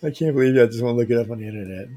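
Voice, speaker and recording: A man's voice: mid-range voice, racing, mellow. A man hosting a casual livestream giveaway, reading viewer emails aloud and teasing them with loose slang. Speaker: livestream host running a giveaway.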